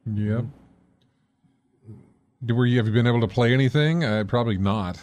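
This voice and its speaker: A man hosting a call-in talk show, chatting casually with callers and giving quick friendly affirmations. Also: medium pitch, a little mellow, no echo. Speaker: host.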